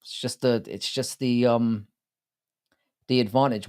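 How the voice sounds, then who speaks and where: A British man hosting a live stream speaks unhurriedly in a mid-range voice that is fairly even, a little mellow and clean. Crude and casual, he swears often while reading out his chat and greeting people by name.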